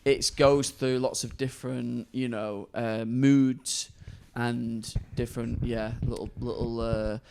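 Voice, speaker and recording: A man's voice: mid-range voice, level tone, slow, vocal fry, hardly any pauses, a little mellow, slight background noise. A Mancunian man in his late thirties, co-hosting a casual film podcast and rambling with lots of ums and restarts. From Manchester, England. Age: late 30s. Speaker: podcast co-host.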